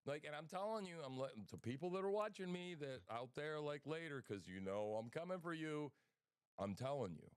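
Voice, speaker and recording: A man's voice: fairly high pitch, animated, fairly quick, clean tone, dry recording, clean studio sound. A man in casual political chat, blunt and fired up, swearing freely. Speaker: guest.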